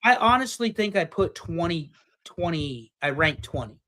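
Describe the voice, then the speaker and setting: A man co-hosts a relaxed panel chat in a lively, jokey way. His pitch jumps around a lot, rising into excited bursts before dropping back to quiet asides. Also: normal speed, a loud crowd. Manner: animated, jokey, swings loud and quiet. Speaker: podcast co-host.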